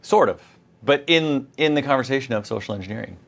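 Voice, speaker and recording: A man's voice: mid-range voice, animated, fast, creaky, fairly bright tone. A man co-hosting a conversational tech lesson, chatty and full of anecdotes and quoted asides. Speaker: co-host.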